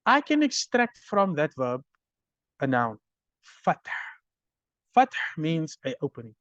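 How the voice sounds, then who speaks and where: A man lectures on grammar, raising his voice high and swinging it widely. He speaks slowly, asks "right?" to check that his listeners follow, and the recording is dry and dull. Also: big pitch swings, fairly bright tone, no room sound. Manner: explains step by step, checks understanding with "right?". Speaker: Arabic grammar teacher.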